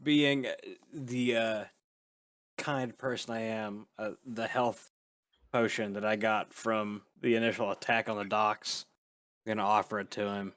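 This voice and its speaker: Guy player in an online tabletop game, lowish voice, dry sound, eager. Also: fairly even intonation, measured pace, fairly bright tone, no room sound. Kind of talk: casual play over voice chat.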